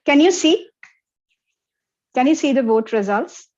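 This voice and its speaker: A woman's voice: high-pitched, lively intonation, unhurried, darkish tone, lo-fi sound. A woman presenting an interactive online lecture over a video call, often checking in with her audience. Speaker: workshop presenter.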